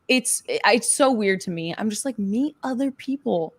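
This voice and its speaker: A woman's voice: mid-range voice, expressive, normal speed, slightly rough. A woman guest chatting casually and easygoingly on a live stream. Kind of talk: casual chat.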